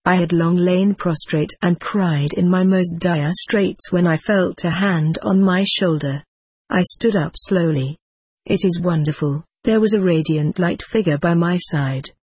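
A storyteller with a husky, breathy voice reads a translated first-person tale in an even, slightly stiff way. The sound is dry and close, with no room around it. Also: mid-range voice, measured pace, dry recording. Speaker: narrator.

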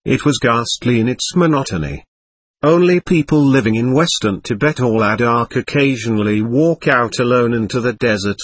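A man narrates an audiobook in a measured storytelling way. His voice is slightly husky, with lively rises and falls in pitch. The recording is dry and close. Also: no room sound. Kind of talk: audiobook reading of a travel memoir.

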